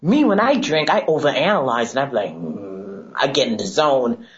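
A woman's voice: extremely low pitch, moderate pace. A young woman co-hosting a casual chat show, telling stories with lots of laughter and quoted voices. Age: 20s. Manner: chatty storyteller, laughs often, animated quoting. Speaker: co-host. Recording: dull lo-fi sound.

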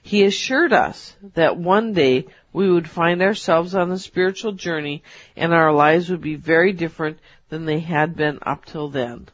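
A woman co-hosting a talk show, reading a personal story aloud in a measured storytelling manner. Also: deep voice. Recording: dull, dry.

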